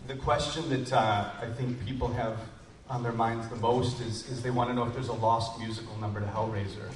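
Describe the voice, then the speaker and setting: A man's voice: medium pitch, fairly even intonation, fairly quick. A man hosting a live screening Q&A, eagerly calling out guests one by one. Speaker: podcast host moderating a screening Q&A. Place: cinema auditorium before a live audience. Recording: distant, echoey and noisy, with a loud crowd.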